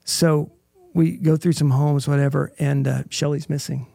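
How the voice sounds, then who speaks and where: A man's voice: on the high side, flat delivery, normal speed, gravelly, dark tone, no echo. A middle-aged man, a guest in an interview, telling an emotional personal story in an earnest way and often checking in with "right?".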